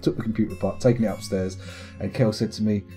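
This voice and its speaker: British guy chatting through his game stream, jokes at himself, mellow tone, bit of guitar behind. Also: on the low side, fairly even intonation, fast. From United Kingdom. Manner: rambling, self-mocking, joking. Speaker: live streamer. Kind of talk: casual game commentary.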